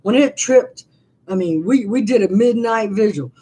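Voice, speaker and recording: A woman's voice: medium pitch, lively intonation, moderate pace, warm tone, a little hiss or hum. A woman in her sixties chatting casually from her living room, telling rambling stories with many restarts. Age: 60s. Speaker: vlogger. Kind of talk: casual live-stream chat.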